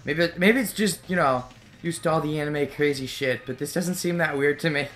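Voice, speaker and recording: A man's voice: on the high side, moderate pace, fairly bright tone, faint music behind. A man doing offhand, sarcastic commentary while playing a video game. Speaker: let's play host. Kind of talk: casual gameplay commentary.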